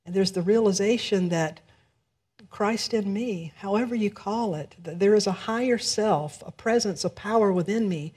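Woman minister, warm-toned storyteller at the pulpit, lively delivery. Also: medium pitch, normal speed, slightly rough. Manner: lively storyteller, laughs through punchlines. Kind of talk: storytelling sermon.

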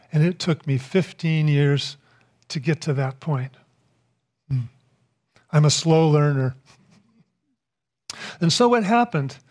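A man giving a spiritual talk, telling a personal story in a reflective, unhurried way with pauses. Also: fairly high pitch. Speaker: speaker.

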